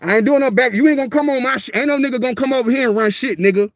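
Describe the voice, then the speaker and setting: A man, speaking very high for a man, rants on a livestream. He is blunt and profane, hammering the same lines over and over. The sound is dry and close, with no room echo. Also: very fast. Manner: profane, confrontational, repeats himself. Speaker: dog breeder and livestreamer. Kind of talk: livestream rant.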